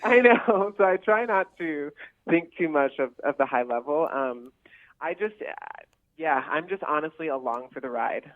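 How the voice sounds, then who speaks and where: A man talks about his film in an effusive, giggly way, rambling from thought to thought. He comes through a thin, phone-like line. His voice sits a little higher than most men's. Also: animated, moderate pace, dry recording. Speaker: actor in the film, interview guest. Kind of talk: casual interview.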